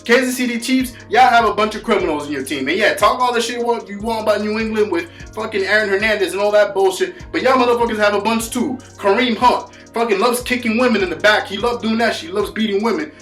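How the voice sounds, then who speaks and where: A man's voice: high-pitched, roomy sound, faint music behind. A man ranting about football in a vlog, swearing constantly and hammering his points with repetition. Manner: profane, insulting, swears constantly; rapid, forceful delivery with emphatic repetitions. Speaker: sports vlogger. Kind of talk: heated solo rant.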